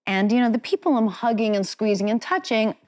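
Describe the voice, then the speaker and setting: A woman's voice: a little high, lively intonation, a little fast, darkish tone. A woman speaking as an interview guest, telling personal stories in a frank, chatty, self-deprecating way. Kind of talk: candid conversational storytelling.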